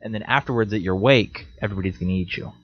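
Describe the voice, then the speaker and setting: A young man co-hosting a podcast in casual chat, rambling and joking, now and then jumping into high silly voices. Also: rapid-fire. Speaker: podcast co-host. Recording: slightly dull lo-fi sound.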